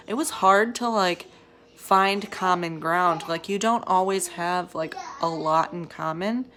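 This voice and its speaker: A young woman, a mother of three, chats to camera in a loose, rambling vlog style, leaning on "like" and trailing off mid-thought. Her voice sits a little low for a woman. Faint household ambience hums underneath. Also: fairly bright tone, a little hiss or hum. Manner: chatty, rambling, lots of "like". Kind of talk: casual chat to camera.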